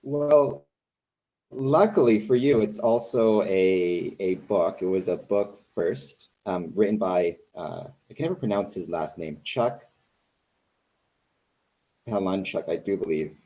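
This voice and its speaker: A man's voice: low voice, slow, dark tone, poor audio. A man hosting a conversational interview who talks in a rambling, self-deprecating way. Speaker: podcast host.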